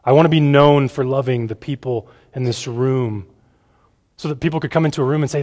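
A pastor speaks to a gathered room in a relaxed, conversational way, often checking in with "right?" and repeating words as he goes. His voice sits at an ordinary middle pitch for a man. A long reverb trails after each phrase, as in a large hall. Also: brisk. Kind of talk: conversational sermon. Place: church room with a gathered audience.

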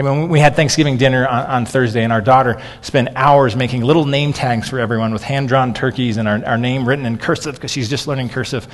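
A man's voice: mid-range voice, long reverb tail. A man in his thirties preaching a sermon as a pastor, talking conversationally and often restarting with "okay.".

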